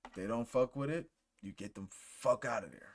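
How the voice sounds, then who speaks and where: A man rants through a reaction commentary in a blunt, mocking voice. His pitch sits in the middle for a man. He slips into brief put-on voices to ridicule what he is watching. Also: normal speed, gravelly. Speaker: podcast host reacting to clips.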